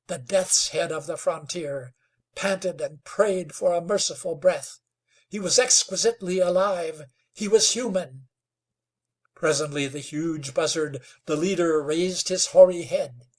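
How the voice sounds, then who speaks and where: A man narrating a western novel in a slow, dramatic storytelling manner. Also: fairly high pitch. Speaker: audiobook narrator. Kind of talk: scripted narration.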